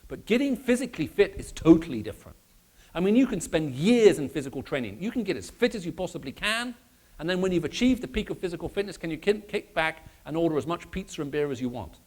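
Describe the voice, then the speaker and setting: A man with a British accent, raised in the Middle East, giving a lively conversational apologetics talk in a church and questioning his audience. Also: on the high side, fast. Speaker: speaker.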